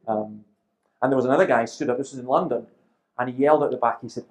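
A man in his fifties gives a seminar talk as a lively storyteller, acting out the voices of people in his anecdotes with a steady dry humour. He speaks fast at a medium pitch. The recording is low quality.

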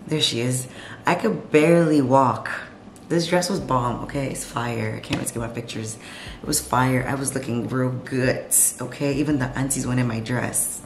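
A woman's voice: rumbling low, moderate pace, a little hiss or hum. A woman vlogging at home in a chatty, sassy way, full of slang, talking to her camera. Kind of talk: casual late-night vlog chat. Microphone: camera set up nearby. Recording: echoey room with music behind.

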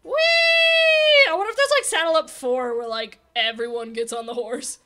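A young woman giving casual, excitable game commentary and chatting to the characters on screen. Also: fairly high pitch, brisk. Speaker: let's play host.

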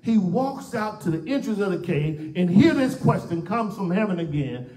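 A pastor preaching with fervor, his high voice climbing into shouts and then dropping to near-hushed phrases as he repeats his points. He sounds distant from the mic, and the church room rings around him. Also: big pitch swings, moderate pace, a little hiss or hum. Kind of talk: sermon. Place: church sanctuary. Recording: echoey church room, voice picked up from far off.

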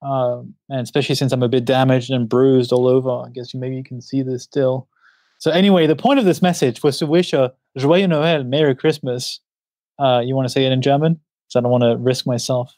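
Guy with a background rattling off holiday plans fast, laughs a lot, dry close sound. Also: medium pitch, fairly even intonation, darkish tone, no echo. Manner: quick-talking, laughs often, self-deprecating. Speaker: podcast co-host. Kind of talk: casual chat.

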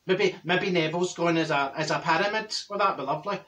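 A man's voice: fairly high pitch, quick pace, a bit bright, far from the mic, lightly acted. A man playing a chatty middle-aged Glaswegian woman with a Glaswegian Scottish accent, rambling through gossip full of asides and restarts in a comic monologue. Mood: gossipy chatter. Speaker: comedy character vlogger.

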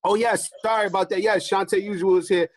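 A man hosting a casual video call reunion, talking in an excited, emotional and rambling way. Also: high-pitched, fast talker. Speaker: host.

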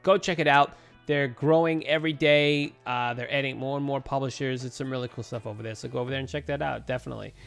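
A man's voice: medium pitch, steady tone, fast, gravelly, few pauses, a bit bright, clean tone, soft background music. A tired man co-hosting a casual podcast chat, who talks in bursts full of restarts and repeated words. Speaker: podcast co-host.

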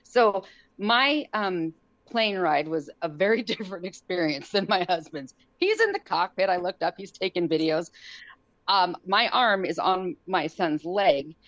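A woman telling a story on a podcast in a casual way, acting out the quotes in a high, excited voice. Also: a little slow, dry recording, muffled recording. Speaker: guest.

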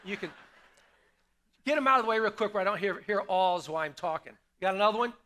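High, bright-voiced pastor preaching. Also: male voice, expressive, quick pace. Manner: conversational, asks the congregation questions and repeats key lines. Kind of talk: sermon. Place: church sanctuary.

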